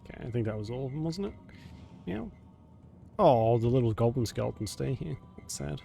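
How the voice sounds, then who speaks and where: A man's voice: medium pitch, expressive, a little fast, vocal fry, warm tone, soft background music. A man chatting casually while streaming a game live. He laughs often and keeps saying meow. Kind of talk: casual live gameplay chat.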